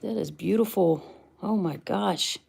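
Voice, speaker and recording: A woman's voice: mid-range voice, unhurried, creaky, a little mellow, slight background noise. A woman, chatting casually with viewers on a livestream while unboxing rocks. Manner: chatty, greets viewers by name, laughs easily.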